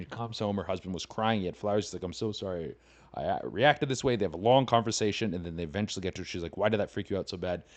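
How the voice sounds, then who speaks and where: A man's voice: lowish voice, darkish tone. A young man hosting a podcast, retelling an online story in a casual, profane, rambling way and scoffing that it is fake. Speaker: comedian podcast host.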